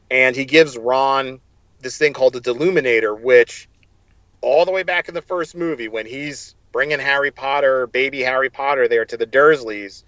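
A man's voice: mid-range voice, a bit bright, no room sound, lo-fi sound. A man co-hosting a casual chat, animatedly retelling scenes and acting out the quoted lines. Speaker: podcast co-host.

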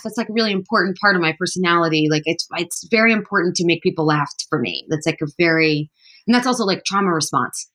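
A woman's voice: on the low side, fast, a bit bright. A woman in her thirties, a podcast guest talking in a chatty, upbeat way with lots of "like" and "you know". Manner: chatty, upbeat, heavy use of "like". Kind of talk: casual interview chat.

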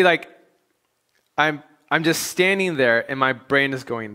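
A male pastor preaching a sermon, stacking repeated phrases with rising emphasis and then dropping into quiet, conversational asides. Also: medium pitch, animated, a little slow.

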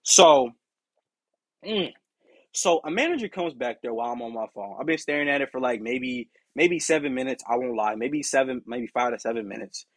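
A man hosting a podcast, telling a casual story in an animated, profane way and acting out the people in it. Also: mid-range voice, moderate pace, dry recording. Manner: animated, profane, acts out quoted exchanges. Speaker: podcast host.

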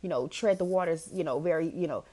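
A woman hosting a podcast, telling a story in an animated, emphatic casual monologue, swearing and calling the listener "girl". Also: sits low, fast. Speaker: podcast host.

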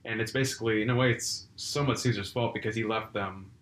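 A man co-hosting a casual film discussion podcast, retelling scenes with animated energy. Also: on the low side, fast talker. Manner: animated storyteller, acts out scenes. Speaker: podcast co-host. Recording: roomy with faint background noise.

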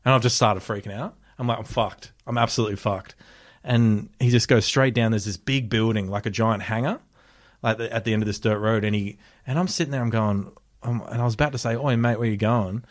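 A young Australian man telling a story in casual chat, animated, swearing often and laughing as he talks. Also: lowish voice, brisk, no echo, studio quality.

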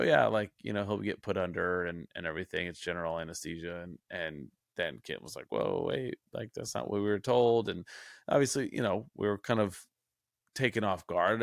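A man's voice: low voice, gravelly, dry recording, clean studio sound. A man in his thirties chatting casually as a podcast co-host in an easygoing way. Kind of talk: casual chat.

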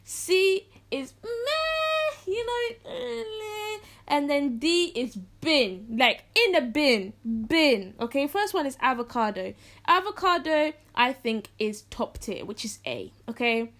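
Lively teenage girl. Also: on the high side, measured pace. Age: teens. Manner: animated, jokey, acts out quotes. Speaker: podcast host. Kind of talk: casual solo chat.

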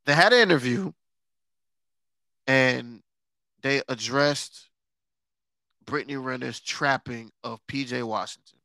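A man hosting a podcast in casual chat, sarcastic and quick to laugh, stretching words for emphasis. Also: medium pitch, bright, forceful tone, dry recording. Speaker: podcast host.

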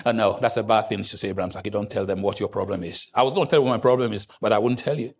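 A man preaching a sermon as pastor, moving between hushed asides and loud, high-pitched outbursts. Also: rapid-fire, vocal fry, few pauses, breathy edge.

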